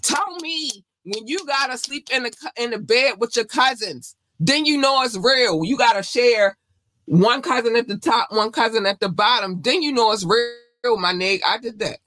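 A woman's voice: fairly high pitch, moderate pace, a bit bright, no room sound, rough recording. Woman podcast host from North Carolina: blunt, profane, scolding commentary, dry close sound. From North Carolina, USA. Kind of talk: entertainment news podcast commentary.

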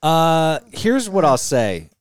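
Lively, swearing man in podcast chat. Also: on the high side, slow pace, no room sound, studio quality. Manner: animated, swears freely. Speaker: podcast co-host.

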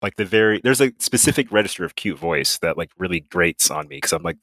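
A man hosting a podcast panel, relaxed and chatty, with lots of fillers. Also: low-pitched, fast, no echo. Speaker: podcast host. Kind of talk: casual chat.

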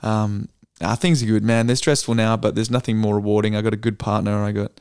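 A man's voice: on the low side, level tone, brisk, a little mellow, clear, resonant tone, no room sound, clean studio sound. A man in his twenties with an Australian accent, telling stories in casual chat, swearing freely and full of fillers. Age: 20s. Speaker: podcast co-host, actor and comedian.

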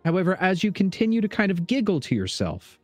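A man's voice: high-pitched, wildly swooping pitch, fast, no room sound, soft background music. A man running a tabletop game as dungeon master, narrating and teasing his players in a playful way.

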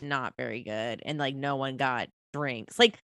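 A woman's voice: extremely low pitch, measured pace, a bit bright, dry recording. A woman with a nasal, stuffy voice from a cold, chatting casually on a podcast, rambling, swearing and laughing. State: sick, nasal and coughing. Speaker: podcast co-host. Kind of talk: casual chat about astrology.

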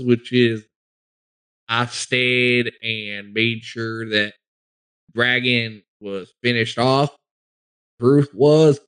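A man's voice: medium pitch, fairly bright tone, clean tone. A man voicing a folksy male forest gnome adventurer with a rambling drawl in a tabletop role-play.

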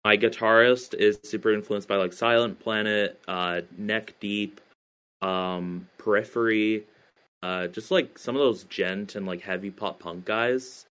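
A man's voice: lowish voice, fairly even intonation, measured pace, fairly bright tone, smooth. A man chatting as a podcast guest about his band, talking hesitantly with many fillers and restarts. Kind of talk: casual interview chat.

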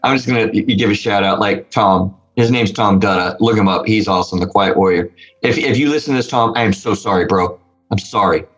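Very deep guy, easygoing therapist on a podcast, dull lo-fi sound. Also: fairly quick, a bit bright, husky. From West Virginia. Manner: easygoing, laughs at himself. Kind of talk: casual chat.

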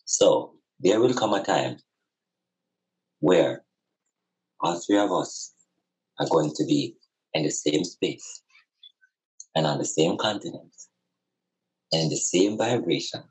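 Deep-voiced man reasoning with preacherly passion. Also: animated, slow, pauses often, darkish tone, poor audio. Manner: impassioned, repetitive, preacherly emphasis. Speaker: podcast guest. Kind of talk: earnest conversational reasoning.

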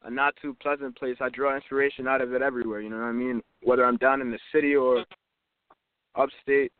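A nineteen-year-old man from New York calls in to a radio show, his mid-pitched voice relaxed and loose. He comes through a tinny phone line that sounds dry and close. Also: fast, smooth, no echo. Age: teens. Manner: relaxed, says "you know what I'm saying". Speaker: caller, hip-hop artist. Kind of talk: casual phone interview.

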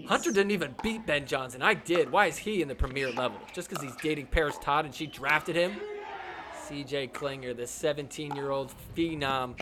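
A man hosting a podcast, giving casual, joking commentary over sports highlights. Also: normal speed, a crowd in the background. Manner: playful, joking, laughs often. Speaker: podcast host.

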